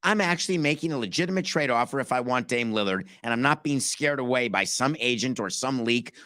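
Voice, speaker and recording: A man's voice: medium pitch, expressive, fairly quick, pushed and bright, dry recording, clean studio sound. A man hosting a sports talk podcast, speaking emphatically and firing off rhetorical questions. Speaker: podcast host.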